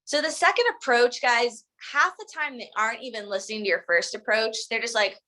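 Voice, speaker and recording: A woman trains salespeople in a loose, conversational way. Her voice is bright and forward, and she fills her talk with "like" and "um" while she acts out sample lines. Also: fairly high pitch, a little fast, few pauses, rough recording. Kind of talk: casual instructional talk.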